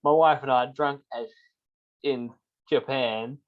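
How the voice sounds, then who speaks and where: An Australian man co-hosting a casual chat show, laughing his way through relaxed travel stories. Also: medium pitch, slow pace, highs cut off. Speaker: podcast co-host.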